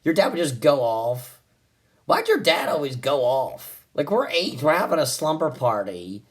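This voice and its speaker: A man doing a stand-up routine, animated and exasperated, with crude punchlines. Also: mid-range voice, a little slow. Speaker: stand-up comedian.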